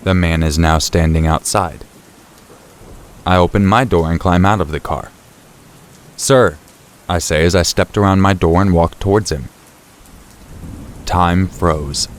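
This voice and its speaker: A man narrating a true scary story in the first person, in a steady, low-key storytelling voice. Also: moderate pace, long pauses, a little hiss or hum. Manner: steady, low-key storytelling, rising sharply for shouted quotes. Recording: faint rain and thunder behind.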